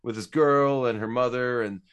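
A man's voice: mid-range voice, steady tone, normal speed, fairly bright tone, smooth. A man co-hosting a casual podcast, easygoing, laughing along and steering the talk. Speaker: podcast co-host.

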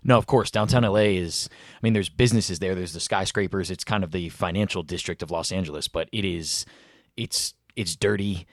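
A man's voice: low voice, fairly quick, no room sound, studio quality. A man from the East Coast of the United States, a podcast guest talking in a reflective, thoughtful way in casual chat.

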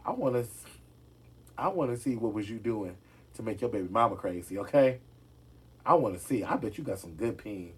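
A man's voice: lowish voice, expressive, fairly quick, pauses often, breathy edge. A man chatting casually to his viewers about celebrity gossip, sassy and direct, often calling them "y'all". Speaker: gossip vlogger.

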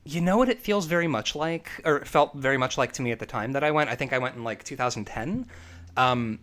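A man in his thirties co-hosting a podcast, casual and animated, tossing off jokes and swearing freely. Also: mid-range voice. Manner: animated, swearing, quick asides. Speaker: podcast co-host. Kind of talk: casual chat.

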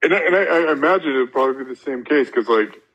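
Podcast cohost guy, lowish husky voice, stumbles over words, dull lo-fi audio. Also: animated, quick pace, a bit bright. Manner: stammering repeats, easygoing storyteller. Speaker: podcast co-host. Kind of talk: casual chat.

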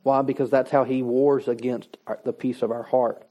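A man's voice: medium pitch, flat delivery, normal speed, dark tone, highs cut off. A man preaching a sermon in a conversational, folksy way, reading scripture and adding plain-spoken asides. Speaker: pastor.

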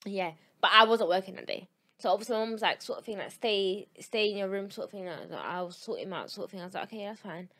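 Animated young woman telling a story. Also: medium pitch, fast, slightly rough. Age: young adult. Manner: animated, swearing, acting out quotes. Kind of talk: casual chat among friends.

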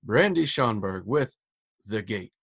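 A man's voice: lowish voice, animated, slow pace, gravelly, a bit bright, slightly rough, no echo. A man hosting a podcast interview, upbeat and casual, with frequent fillers and laughter. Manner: upbeat, hesitant with many fillers, laughs often. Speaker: podcast host.

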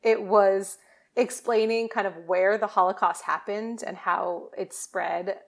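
A woman co-hosting a podcast in casual chat, chatty and quick to laugh. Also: medium pitch, fairly even intonation. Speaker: podcast co-host.

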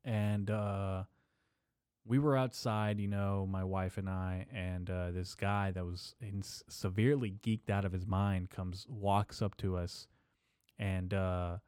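A man's voice: sits low, fairly even intonation, slow pace, darkish tone, clear, resonant tone, no room sound, studio quality. A man hosting a podcast, talking in a loose, profane, jokey comic monologue full of fillers. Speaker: podcast host.

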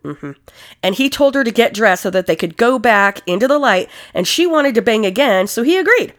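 A woman's voice: a little high, fairly quick. A woman co-hosting a casual true-crime chat, telling the story with lots of swearing and indignant asides. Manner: profane, animated storytelling. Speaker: podcast co-host.

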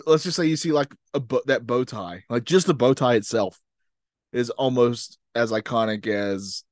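A man's voice: medium pitch, moderate pace, dry recording, studio quality. A man co-hosting a podcast in casual chat, easygoing and agreeable, chiming in with "yeah" and laughing. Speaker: podcast co-host.

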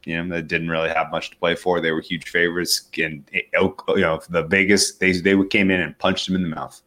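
A man's voice: deep voice, flat delivery, a little fast, bright, forceful tone. A man breaking down a football matchup and point spread in a casual betting chat, rambling with frequent ums and restarts. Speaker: sports betting analyst.

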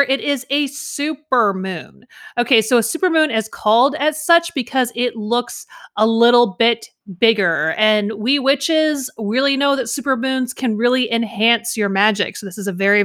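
A woman co-hosting a podcast, telling stories in lively casual chat and laughing often. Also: fairly high pitch. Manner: animated storyteller, laughs often. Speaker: podcast co-host.

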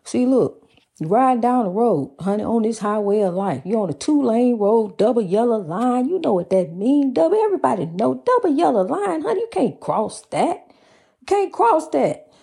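A woman's voice: a little high, very animated, fairly quick, creaky, dark tone, husky. A woman hosting a faith talk program, telling folksy stories and calling the listener honey. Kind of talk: casual preaching talk.

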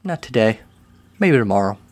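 A man reading the lines of a lonely, excitable adult male friend in a short story, swinging between loud excitement and flat quiet. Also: on the low side, normal speed. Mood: subdued. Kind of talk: read-aloud short story dialogue.

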